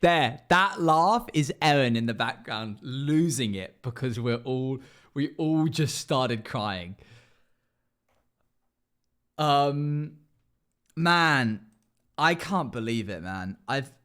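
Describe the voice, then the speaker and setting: A man's voice: mid-range voice, expressive, takes it slowly, fairly bright tone. A man streaming live as a dungeon master, chatting emotionally and rambling as he reacts to chat. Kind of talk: casual livestream chat.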